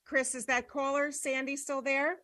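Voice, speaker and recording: A woman from New Jersey co-hosting a call-in radio show, briskly keeping the segment moving. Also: high voice, little pitch movement, sharp tone, no room sound. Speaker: radio co-host. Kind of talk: casual call-in radio chat.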